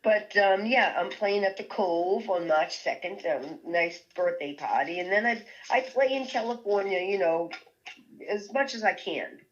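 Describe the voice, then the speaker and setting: A woman's voice: mid-range voice, measured pace, muffled recording. A woman from the Boston area with a strong Boston accent, chatting casually as an interview guest, laughing often and restarting her sentences. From Boston area, USA. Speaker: guest musician. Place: California.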